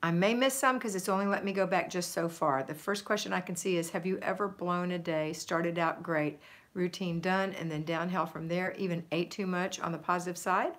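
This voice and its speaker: A chatty woman with a voice on the low side hosts a casual live stream from home, speaking at normal speed with fairly even intonation. Through a phone or webcam, she reads viewer comments aloud, laughs easily and talks warmly to her audience.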